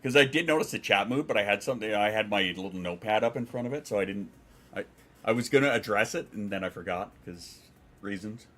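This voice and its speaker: A man talks loosely to his livestream chat in a lowish voice. He rambles, curses freely, and trips over his own sentences as he answers viewers. Casual stream talk. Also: lively intonation, quick pace, a bit bright. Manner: rambling and profane, with frequent restarts.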